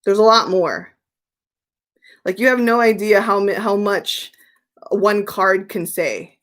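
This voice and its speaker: A woman's voice: medium pitch, slow. Chatty woman hosting a tarot live stream. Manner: chatty, candid, reads viewer questions aloud and answers them. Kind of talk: casual live stream chat answering viewer questions.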